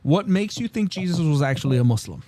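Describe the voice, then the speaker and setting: A man's voice: on the high side, very animated, fast talker, warm tone. Insistent young man questioning a caller. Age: young adult. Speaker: podcast host. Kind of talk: live call-in debate.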